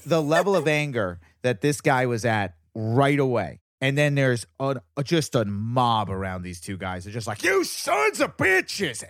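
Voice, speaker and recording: A man telling a story as a comedian guest on a casual podcast, animated and rambling, repeating words. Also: mid-range voice, no room sound, clean studio sound.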